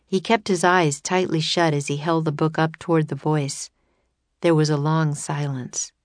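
A woman narrating a children's chapter book aloud in a calm, even storytelling manner. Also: low-pitched, moderate pace, no echo.

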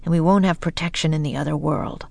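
A woman's voice: low voice, steady tone, quick pace, gravelly, a little mellow, no echo. A woman voicing a nervous, cautious young boy who speaks hesitantly. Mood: anxious. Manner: hesitant, anxious.

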